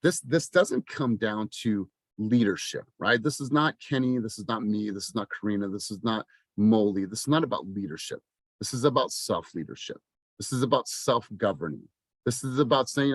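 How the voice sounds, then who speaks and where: A man's voice: on the low side, normal speed, no room sound. Passionate, swearing man coaching a team. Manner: passionate, swears, rising to near-shouting. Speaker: sales coach. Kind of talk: motivational team meeting talk.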